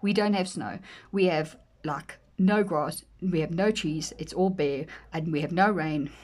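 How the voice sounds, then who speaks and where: A woman vlogger gushing over a planner in casual commentary, often dropping to soft near-whispers. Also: low voice, measured pace. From South Africa. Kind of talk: casual flip-through commentary.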